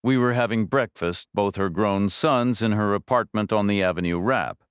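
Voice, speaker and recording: Man reading a thriller audiobook, low smooth voice, dry close sound, measured and low-key. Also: no echo. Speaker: audiobook narrator. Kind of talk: first-person scripted audiobook narration.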